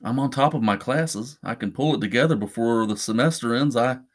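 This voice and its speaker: A man's voice: mid-range voice, brisk, lightly acted. A man voicing a desperate young man in a horror story reading, anxious and pleading. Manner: pleading, frantic.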